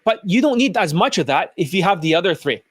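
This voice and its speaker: High-voiced guy cussing out his critics, angry ranting commentary. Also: sing-song, fast, a crowd in the background. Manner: profane, ranting, combative. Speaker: dating coach. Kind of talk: angry commentary over clips.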